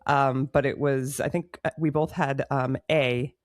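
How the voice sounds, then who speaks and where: A woman co-hosting a podcast, telling a story in a casual, animated and self-mocking way, laughing mid-sentence. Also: extremely low pitch, a little slow, no echo, studio quality. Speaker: podcast co-host.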